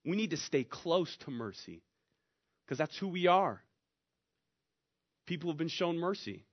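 A man preaching with a slightly high voice, telling stories in a loose, conversational way with emphatic peaks. The recording sounds dull and lo-fi. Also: sing-song, measured pace. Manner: conversational storytelling with emphatic rises. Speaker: pastor. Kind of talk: sermon.

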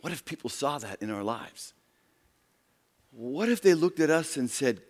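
A man preaching a sermon as pastor, dramatic, swinging between loud emphasis and hushed near-whispers. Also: medium pitch, sing-song, measured pace, pauses often, long reverb tail.

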